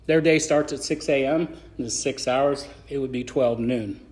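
A man's voice: mid-range voice, normal speed, a little mellow. A man preaching a conversational sermon on a podcast, acting out scripture scenes in voices.

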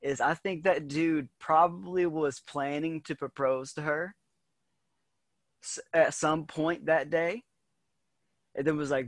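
Man, casual sports podcast, slightly high voice, jokey, animated, dry close mic. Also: no echo. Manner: animated, jokey, quick reactions. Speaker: podcast co-host.

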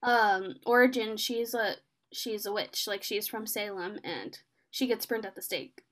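A woman's voice: medium pitch, a little slow. A young woman in a casual chat, eagerly retelling a TV episode, speaking in many fillers and acting out the characters' lines. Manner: excited, filler-heavy retelling, acts out the scenes in quoted voices. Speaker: podcast co-host recapping a TV episode.

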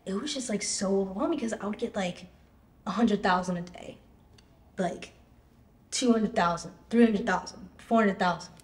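A young woman chats about herself in a relaxed, rambling way, leaning on "like" and bursting into quoted reactions. Her voice sits at a middle pitch and carries a noticeable room echo around it. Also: normal speed. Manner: chatty, fillers of "like", animated quoting of others. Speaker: singer guest. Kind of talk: casual interview chat. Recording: roomy echo.

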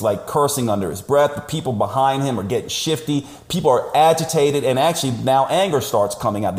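A man joins a podcast over a call and tells his story with animated emphasis. His voice sits in a middle pitch. The sound is roomy, with echo around it. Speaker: podcast guest. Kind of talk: conversational storytelling. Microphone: remote call audio.

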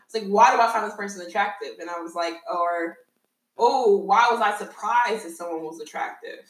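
A woman's voice: medium pitch, normal speed, recorded from a distance. A woman co-hosting a podcast in casual chat, frank and profane, often laughing. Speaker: podcast co-host. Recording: echoey room, a bit off-mic.

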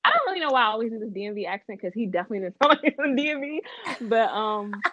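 A woman's voice: rapid-fire, no room sound. A young woman in casual podcast chat, telling a dating story and acting out the other people's lines. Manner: animated storyteller, acts out quotes with big pitch jumps. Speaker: podcast co-host. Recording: dull, slightly lo-fi, dry.

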